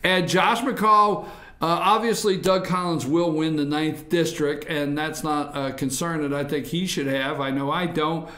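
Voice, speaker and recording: A man's voice: fairly high pitch, steady tone, measured pace, pushed and bright, roomy sound. A man hosting a morning talk show, chatting casually about politics and repeating himself when pressing a point.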